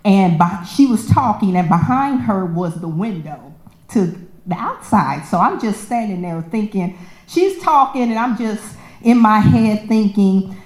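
Animated New woman telling a story. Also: medium pitch, normal speed. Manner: animated, acts out quoted voices, laughs often. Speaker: storyteller sharing a personal testimony. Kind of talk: casual storytelling with scripture. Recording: echoey room.

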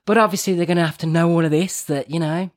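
A man's voice: fairly high pitch, steady tone, fast talker. Chatty man. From Birmingham, England. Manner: rambling, laughs often. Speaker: podcast co-host. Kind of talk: casual chat.

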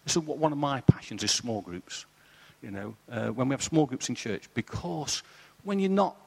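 A man's voice: medium pitch, animated, moderate pace, creaky, darkish tone, husky, long reverb tail. A man, earnestly sharing his faith and telling a story as a church panel guest. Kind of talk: live church testimony talk. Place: church hall.

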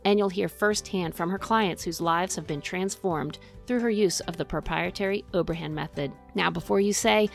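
A woman's voice: fairly low pitch, normal speed, creaky, few pauses, soft background music. Upbeat woman podcast host. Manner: enthusiastic, upbeat. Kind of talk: scripted introduction and casual podcast chat.

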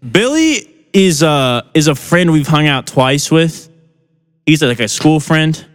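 A young man trades stories with his friend on a podcast, laughing and chiming in. His voice is a little high and moves a lot in pitch. A long reverb hangs around the recording. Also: animated, slow, clean tone. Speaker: podcast co-host. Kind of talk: casual storytelling chat.

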